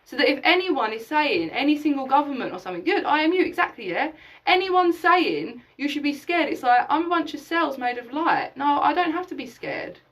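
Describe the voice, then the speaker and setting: High-voiced woman preaching from the mic. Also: animated, brisk, fairly bright tone, recorded from a distance, low-quality recording. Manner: emphatic and preachy, swears casually, acts out imagined dialogues. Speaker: spiritual teacher hosting a live session. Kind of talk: live-streamed spiritual talk.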